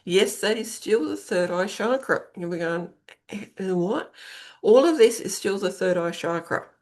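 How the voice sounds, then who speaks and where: A middle-aged woman with an animated, mid-range, slightly mellow voice speaks at a moderate pace. A podcast host and intuitive coach, she talks through self-help ideas conversationally, repeating phrases for emphasis.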